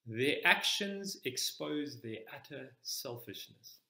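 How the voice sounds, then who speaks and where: Guy giving a sermon in a church, steady teaching tone, mid pitch, lots of room echo. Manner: measured teaching, explains scripture step by step. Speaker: preacher.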